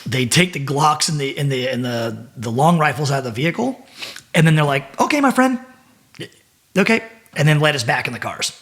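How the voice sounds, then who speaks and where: A man's voice: mid-range voice, a little fast. A middle-aged man, a former Navy SEAL, recounting a story as a podcast guest, with plenty of swearing and restarted phrases. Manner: profane, animated, repeats words while telling. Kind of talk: casual storytelling.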